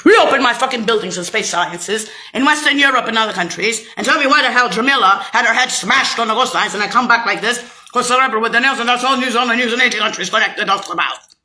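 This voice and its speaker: A woman delivering a bitter, profane, rambling rant straight to camera, swinging between shouting and low muttering. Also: quick pace.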